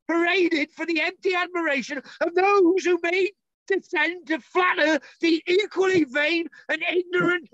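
A man reading a quote as an indignant Victorian gentleman, in a Dorset accent, loud and declaiming. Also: very high-pitched, no echo, dull audio, pitched above the performer's own voice, full character voice.

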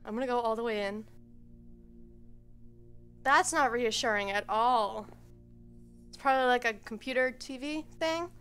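Bright-voiced woman muttering through gameplay. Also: fairly high pitch. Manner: quiet nervous self-talk, rambling. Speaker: streamer. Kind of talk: let's-play commentary. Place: at home. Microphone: headset.

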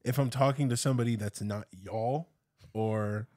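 A man's voice: mid-range voice, moderate pace, warm tone. A man talks through his point in a casual podcast chat, restarting sentences and laughing easily. His voice sounds dry, with no room echo. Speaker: podcast co-host.

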